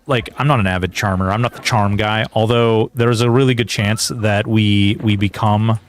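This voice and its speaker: A man's voice: medium pitch, a little hiss or hum. Rambling, jokey man playing a game. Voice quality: rambling and jokey, swings into mock outrage. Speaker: game streamer. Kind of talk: casual gameplay commentary.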